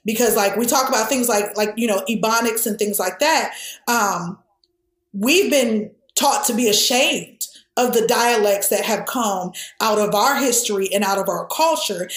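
Earnest, animated Southern-raised woman. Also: a little high, echoey room. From American South. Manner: earnest, animated storytelling with frequent "like" and restarts. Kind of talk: candid conversational discussion.

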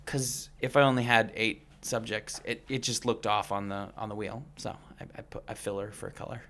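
A man's voice: lowish voice, little pitch movement, normal speed, a bit bright. A man hosting a casual podcast, playfully announcing segments with some fillers. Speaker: podcast host.

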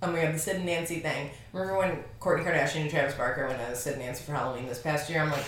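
A woman's voice: low-pitched, fairly even intonation, rapid-fire, few pauses, a little hiss or hum. A woman in her twenties co-hosting a podcast in casual chat, chatty, laughing often and trailing off mid-thought. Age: 20s. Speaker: podcast co-host. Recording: roomy, distant from the mic.

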